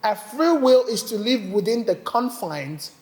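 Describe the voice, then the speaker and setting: A high-pitched male voice, a little slow, with a long reverb tail: it's a pastor preaching in a church hall. He's animated as he tells a humorous personal story, acting out others' voices and laughing frequently.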